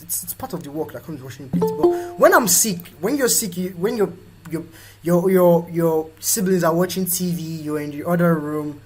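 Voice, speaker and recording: A young man with a Nigerian accent hosts a motivational live talk in a slightly husky, breathy voice that sits high, though the audio is poor. He's animated and slips into playful voices to act out the people he quotes.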